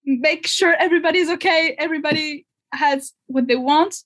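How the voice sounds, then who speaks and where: A woman's voice: high voice, normal speed, a bit bright. A young woman from France with a French accent, chatting casually as a podcast guest, laughing often and sometimes searching for her words. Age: 20s. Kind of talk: casual conversation.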